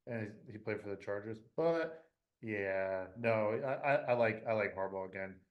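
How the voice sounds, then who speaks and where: A young man from Michigan hosting a casual podcast, talking in a rambling, excitable way full of fillers. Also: lowish voice, normal speed, highs cut off. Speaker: podcast host.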